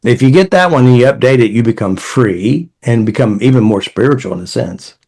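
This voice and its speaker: A man's voice: medium pitch, animated, brisk, gravelly, darkish tone. A man hosting a conversational talk, telling client anecdotes with wry asides and acted-out quotes. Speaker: therapy method creator and podcast host. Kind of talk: conversational storytelling.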